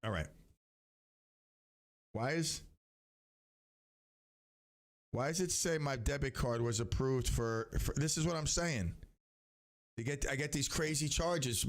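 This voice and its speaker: A middle-aged man with a voice slightly rough from yelling, rambling in casual live stream chat with many restarts. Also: mid-range voice, normal speed. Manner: rambling, animated, self-interrupting with restarts. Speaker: live stream host and youth sports coach.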